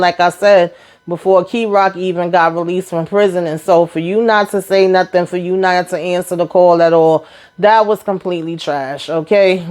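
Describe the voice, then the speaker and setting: A woman's voice: fairly low pitch, clean tone. Slangy, chatty woman recapping a show. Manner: slangy, animated storytelling with frequent asides. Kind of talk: casual recap chat.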